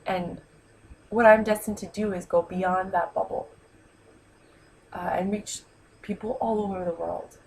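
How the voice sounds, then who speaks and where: New lady vlogging, fighting tears, gravelly voice, soft hiss behind. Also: mid-range voice, steady tone, unhurried, pauses often, poor audio. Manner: heartfelt, rambling, many ums and you-knows. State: close to tears. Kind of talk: emotional personal vlog monologue. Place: New York.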